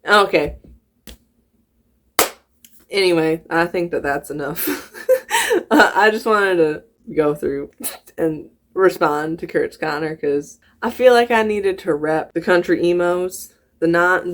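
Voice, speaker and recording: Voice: medium pitch, a little slow, fairly bright tone. A YouTuber talking casually to camera in a put-on American country accent, rambling and giggling between thoughts. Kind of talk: casual reaction vlog.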